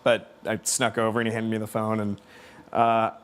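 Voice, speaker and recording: A man telling a story in an interview, halting and laughing, with many fillers. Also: fairly low pitch, completely flat delivery, slight background noise. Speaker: interview guest. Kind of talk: casual storytelling.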